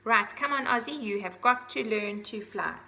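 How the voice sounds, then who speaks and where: A woman's voice: on the high side, moderate pace, vocal fry, bright, forceful tone. Woman doing a stern, scolding mother owl. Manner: firm and scolding.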